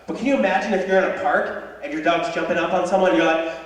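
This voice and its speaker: A man's voice: fast talker, crowd noise. Man doing stand-up in an echoey hall. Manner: animated storytelling with high yelled voices for characters. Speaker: stand-up comedian and high school tennis coach. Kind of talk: stand-up comedy set. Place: high school auditorium with live audience. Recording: echoey hall, distant mic, audience noise.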